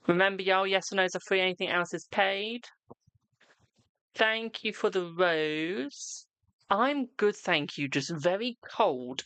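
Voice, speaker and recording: Gravelly tarot reader chatting live. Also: medium pitch, a bit bright, dry recording. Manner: chatty, calls viewers "my darling", laughs often. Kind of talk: casual live-stream chat and card reading.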